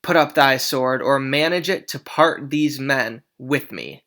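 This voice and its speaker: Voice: medium pitch, unhurried, fairly bright tone. A carefree young man urging others to put down their swords, his voice raised and urgent, as a teacher reads the part. The reading stays close to an everyday voice. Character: carefree young man trying to keep the peace. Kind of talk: reading a play aloud.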